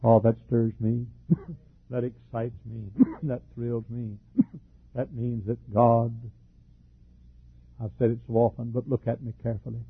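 An older man preaching a fervent sermon as pastor, with a husky, troubled voice, frequent coughs and repeated words. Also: mid-range voice, little pitch movement, takes it slowly, long pauses, no echo. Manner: fervent preaching with repetitions and laughs. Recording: dry, phone-like lo-fi recording.

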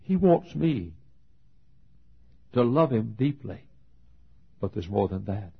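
An older male pastor preaches in a folksy, storytelling way, his voice gravelly and a little husky. His pitch moves a lot, rising into loud, pleading passages and dropping to hushed asides, on a dull, lo-fi sermon recording. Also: big pitch swings, slow. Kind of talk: sermon with acted quotes. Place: auditorium.

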